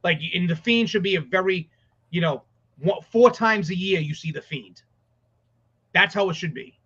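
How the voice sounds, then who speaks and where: High-voiced, excitable man ranting. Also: normal speed, slightly rough. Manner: excited, profane, rambling with restarts. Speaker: podcast co-host. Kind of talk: casual sports chat. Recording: dull lo-fi audio.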